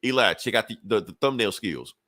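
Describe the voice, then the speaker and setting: Animated, profane male podcast co-host. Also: lowish voice, moderate pace, no room sound. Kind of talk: casual chat.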